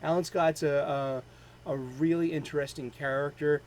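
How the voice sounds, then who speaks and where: Man, Boston accent, casual chat host, rambling with fillers, eager fan, slightly high voice, faint background noise. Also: fairly even intonation, a little mellow, rough recording. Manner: rambling, halting, with many fillers; enthusiastic fan. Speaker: host of a daily comics show.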